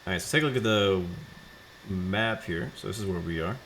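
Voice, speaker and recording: A young man giving relaxed, chatty commentary while streaming a flight sim game, laughing easily. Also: deep voice, fairly quick, gravelly, a little hiss or hum. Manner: laid-back, chatty, laughs often. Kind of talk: casual gameplay commentary.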